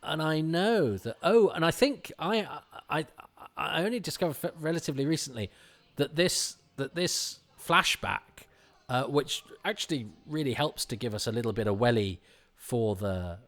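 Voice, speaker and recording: A man's voice: fairly high pitch, animated, normal speed, a bit bright. A man giving casual commentary on an old TV episode, rambling and often restarting his sentences. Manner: rambling and self-interrupting, frequent restarts.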